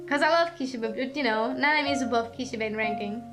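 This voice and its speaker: A woman's voice: on the high side, quick pace. A young woman streamer in casual chat, rambling and giggly, tearful over a fictional character. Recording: stream audio with music behind.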